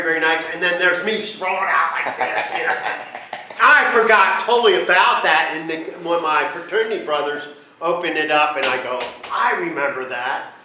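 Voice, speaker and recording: A middle-aged man telling rambling, animated anecdotes in a casual storytelling style. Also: a little high, a little hiss or hum. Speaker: house leader of a ministry. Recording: echoey room, mic at a distance.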